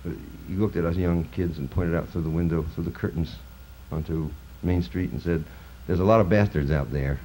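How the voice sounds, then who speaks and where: A man in his fifties from New Jersey, a poet reading his work at a college, chanting the poems and talking haltingly with fillers between them. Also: sits low, fairly even intonation, mellow, rough recording. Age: 50s. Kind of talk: poetry reading with spoken introductions. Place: college lecture hall. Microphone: film recording from the stage. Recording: film transfer with faint hiss.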